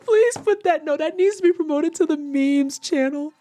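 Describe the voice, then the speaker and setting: A young woman streamer from the Saint Louis area, chatting casually and swearing freely, acting out quotes in high voices. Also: moderate pace, mellow. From Saint Louis area, United States. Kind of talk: casual chat on a livestream.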